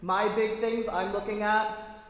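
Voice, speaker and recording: A man's voice: high-pitched, flat delivery, measured pace, a bit bright. A man leading a choir rehearsal, chatty and detailed, correcting himself as he goes through the score. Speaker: choir director. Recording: echoey hall, faint noise.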